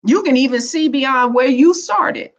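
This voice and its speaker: A woman's voice: sits high, expressive, measured pace. A woman, giving a spiritual teaching talk in a playful, preachy, colloquial way. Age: 50s. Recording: dull lo-fi recording.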